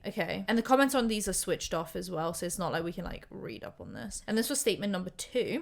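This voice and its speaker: A woman's voice: medium pitch, expressive, brisk, creaky, few pauses. A woman hosting a storytime commentary channel, rambling casually, swearing and saying "like" a lot.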